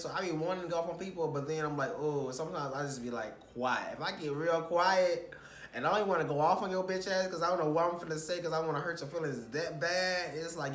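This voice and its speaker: A young man from Houston, telling a heated story in casual vlog style, profane and animated, acting out what others said. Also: fairly high pitch. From Houston, Texas. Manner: animated, profane, quotes others in his own voice. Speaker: vlogger. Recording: echoey room with faint ambience.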